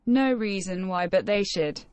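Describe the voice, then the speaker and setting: A synthetic woman's voice reading viewer messages aloud in a flat, even delivery. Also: medium pitch, a little slow, a little hiss or hum. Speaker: text-to-speech chat reader.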